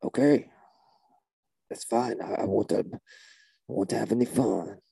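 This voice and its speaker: A man playing a spaced-out, deadpan male shaman guitarist who drawls mystical non sequiturs in a gravelly, husky voice. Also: fairly low pitch, unhurried, dry recording, full character voice.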